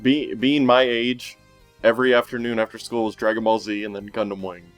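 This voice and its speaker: A man's voice: mid-range voice, level tone, fairly quick, soft background music. A man co-hosting a casual podcast chat, laid-back, laughing often and restarting his sentences. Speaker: podcast co-host.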